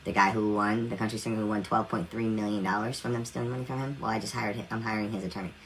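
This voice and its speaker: A man's voice: fairly low pitch, steady tone, very fast, fairly bright tone, a little hiss or hum, poor audio. A man in his thirties, a singer, ranting on a livestream in a defiant, demanding way. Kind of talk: livestream rant.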